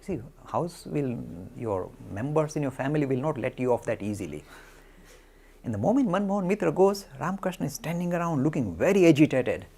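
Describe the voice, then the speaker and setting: A man giving a spiritual talk, telling a story in an animated way and acting out the quotes. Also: fairly high pitch, fairly quick, slight background noise. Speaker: lecturer.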